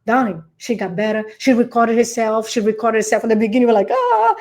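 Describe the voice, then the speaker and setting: Animated woman. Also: fairly high pitch, fast. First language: Portuguese. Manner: animated, acts out phone calls, says darling. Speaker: real estate coach. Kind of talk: podcast interview.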